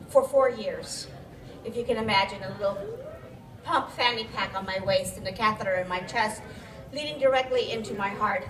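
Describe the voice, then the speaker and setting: A woman's voice: a little high, far from the mic. Breathless woman speaking in an echoey hall. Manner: candid, chatty, gently joking. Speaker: patient speaker. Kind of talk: public talk at an event. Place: event venue. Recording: echoey hall, mic from afar.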